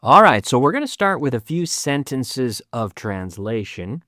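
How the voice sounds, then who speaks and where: Lively bilingual male English teacher. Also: mid-range voice, dry recording, clean studio sound. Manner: switches between English and Spanish, repeats sentences slowly for learners. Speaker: English teacher and podcast host. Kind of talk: bilingual language lesson.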